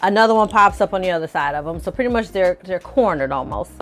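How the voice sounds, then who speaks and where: A woman hosting her own channel, recapping a TV episode in a lively, slangy storytelling style. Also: lowish voice, quick pace, soft background music. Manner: animated, slangy storytelling with acted quotes. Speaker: film reviewer, channel host.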